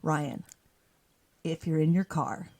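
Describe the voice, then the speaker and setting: A woman's voice: low-pitched, fairly even intonation, takes it slowly, a little mellow. A woman co-hosting a podcast in a home attic. She chats loosely, with frequent fillers and laughter. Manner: chatty, giggly, rambling with fillers. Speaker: podcast co-host. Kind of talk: casual chat with laughter.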